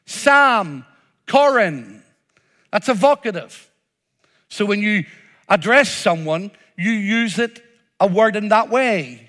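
A man's voice: sits high, a bit bright. A man preaching a sermon, emphatic, acting out the crowd's cries with a rising voice.

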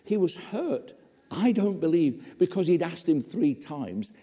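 Animated preacher in a reverberant hall. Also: male voice, fairly high pitch, a little slow. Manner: animated, conversational, with humorous asides. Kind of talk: sermon. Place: church hall.

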